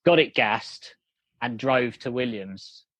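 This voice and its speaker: A man's voice: medium pitch, lively intonation, takes it slowly, a bit bright, no room sound, highs cut off. A man telling a story over a call, rambling with many fillers and restarts. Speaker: guest, company founder. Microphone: video call.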